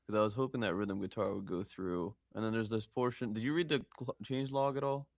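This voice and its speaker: A man's voice: on the low side, a little fast, gravelly, no echo, studio quality. A man chatting casually over an online voice call as a composer asking for feedback, probing with questions and often restarting them. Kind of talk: casual chat.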